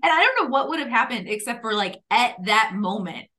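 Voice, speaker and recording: A woman's voice: fairly high pitch, lively intonation, brisk, pushed and bright. A woman telling a funny story in casual chat, acting out quotes and laughing often.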